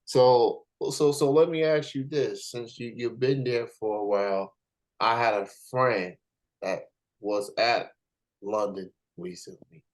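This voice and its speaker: An easygoing American man hosts a casual interview. His voice sits at an ordinary middle pitch, and he pads his talk with drawn-out fillers and chuckles. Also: steady tone, low-quality recording. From United States. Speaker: host.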